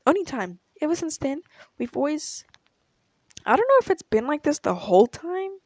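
Hesitant and self-correcting, a young woman from Africa wanders through answers to personal questions in a chatty vlog Q&A. Her voice sits on the high side with a creaky quality, and the recording is dry.

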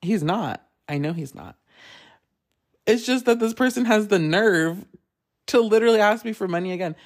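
A podcast host telling a story in a casual solo chat, animated, laughing often and swearing freely. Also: medium pitch, moderate pace.

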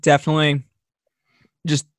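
A young man co-hosts a loose, rambling chat, laughing easily as he goes. His voice sits a little high for a man. The sound is close and dry, with no room around it. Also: completely flat delivery, normal speed, no echo. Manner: laid-back, laughs often, rambling. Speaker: podcast co-host. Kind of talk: casual chat.

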